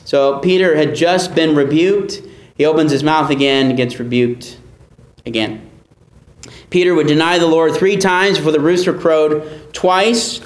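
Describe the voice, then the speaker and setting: A man's voice: on the high side, measured pace, reverberant. A man preaching an expository sermon, earnest and emphatic, repeating key phrases for weight. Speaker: pastor.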